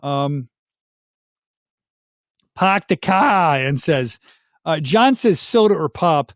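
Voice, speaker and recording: High-voiced Philly-man chatting live. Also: animated, slow pace, no echo, clean studio sound. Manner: chatty, reads comments aloud and asks viewers to weigh in. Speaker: livestream host reading viewer comments. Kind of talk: casual live chat.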